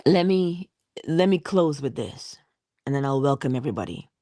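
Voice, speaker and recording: A woman's voice: very deep voice, sing-song, normal speed, mellow. A woman hosting a live morning inspirational talk, speaking earnestly and emphatically and repeating her key words. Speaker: host of a morning inspirational livestream.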